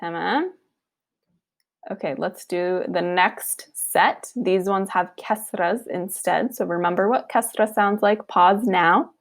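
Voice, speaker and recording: Slow patient woman teacher. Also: lowish voice. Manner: patient, repeats okay and words slowly. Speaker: Arabic teacher. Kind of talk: recorded online lesson.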